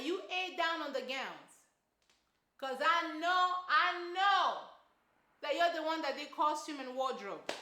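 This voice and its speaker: A woman's voice: high-pitched, bright, forceful tone, roomy sound. A woman giving a casual, emphatic movie review, repeating her points with exclamatory punch.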